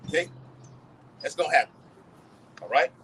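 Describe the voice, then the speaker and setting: A man with a Southern US accent reading scripture aloud and preaching outdoors, slow and loud. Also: a little high, animated, husky, low-quality recording. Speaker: street preacher.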